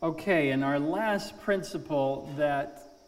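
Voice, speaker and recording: A man in his fifties giving an earnest testimony talk at a conference, halting with restarts. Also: a little high. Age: 50s. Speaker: speaker at a conference. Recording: long hall reverb.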